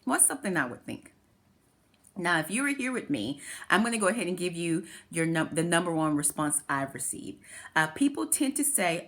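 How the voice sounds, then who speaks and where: A woman's voice: on the low side, very animated, normal speed, fairly bright tone. A woman hosting a talk, explaining a therapy idea step by step through everyday examples. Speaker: host.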